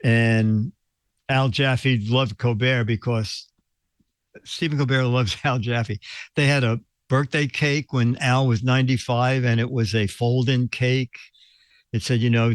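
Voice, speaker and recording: A man's voice: medium pitch, steady tone, a little slow, no echo. A man hosting a casual live-stream show, telling stories in a rambling way, chuckling often and restarting his sentences. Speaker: show host.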